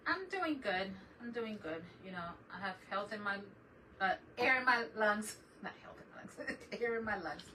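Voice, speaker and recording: Middle-aged woman, casual live-stream host, rambling and talkative, mid pitch, distant mic. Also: expressive, moderate pace. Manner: rambling, chatty, greets viewers by name. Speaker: crafting channel host. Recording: distant mic with noticeable background noise.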